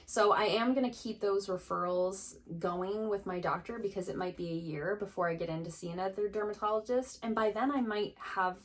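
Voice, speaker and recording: A woman's voice: medium pitch, brisk, hardly any pauses. A woman in her thirties, a beauty vlogger and esthetician, casually telling a story to camera and acting out the other people's lines. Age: 30s. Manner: animated retelling with quoted dialogue.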